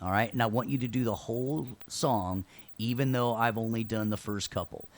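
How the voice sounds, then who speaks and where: A dry-voiced man with a lowish voice teaches a casual online class at a moderate pace, recorded without echo. As the instructor, he keeps things loose and joking, tosses in sarcastic asides, and checks in often with "right?" tag questions.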